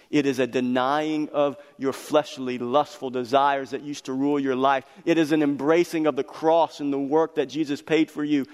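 Passionate male preacher in a reverberant hall. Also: mid-range voice. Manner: emphatic, building to loud passionate peaks. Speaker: pastor. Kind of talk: sermon.

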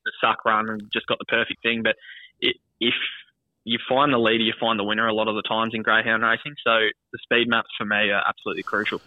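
A man co-hosting a casual greyhound tips chat, talking in quick, halting bursts and repeating words. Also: on the low side, little pitch movement, dry recording. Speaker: greyhound racing tipster co-host. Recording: tinny phone line.

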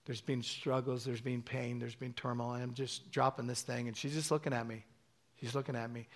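A middle-aged man preaching a sermon, telling a story with animated quoted voices. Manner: animated storytelling, acting out quotes with sudden high-pitched bursts.

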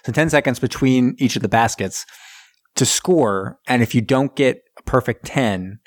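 A man's voice: mid-range voice, moderate pace, no room sound, studio quality. A man co-hosting a podcast, casually recapping a movie, laughing often and acting out quotes. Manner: laughing, animated retelling with acted-out quotes. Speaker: podcast co-host.

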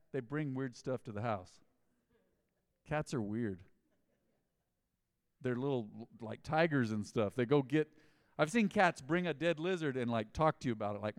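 A man preaching a mid-week sermon as pastor, talking in a conversational, animated way that swings from loud to quiet. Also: on the high side, clean tone, no echo, clean studio sound.

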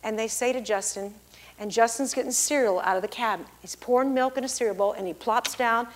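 A middle-aged pastor's wife giving a lively church testimony, acting out the people she quotes. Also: a little high, brisk. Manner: storytelling, acts out the people she quotes in big, loud voices.

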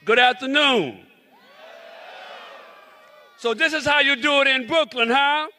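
A man's voice: very high voice, a little slow, a faint crowd. A man from South Carolina with a Southern drawl, a reverend and lawmaker giving a preacherly rally speech outdoors in the cold. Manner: preacherly, repeating himself, shouting. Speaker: reverend and state representative.

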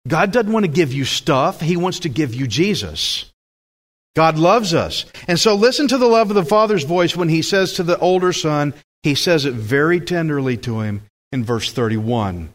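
A man's voice: on the high side, animated, moderate pace. A man preaching a sermon with emphatic delivery, putting questions to the congregation.

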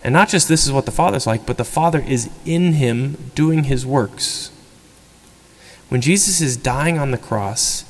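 A man preaching a homily in a relaxed, conversational way, acting out quotes with lively energy. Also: mid-range voice, long reverb tail. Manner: conversational, animated, acts out quotes. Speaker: priest. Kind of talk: sermon. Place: church.

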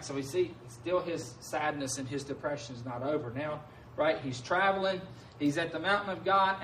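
A man's voice: high voice, a bit bright, a little hiss or hum. A male pastor preaching a sermon in a conversational way, often asking his listeners "right?". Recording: echoey room heard from a distance.

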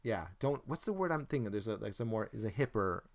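A man's voice: on the low side, expressive, fast talker, creaky. A man hosting a casual chat, rambling and searching for words, with self-deprecating jokes. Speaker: podcast host.

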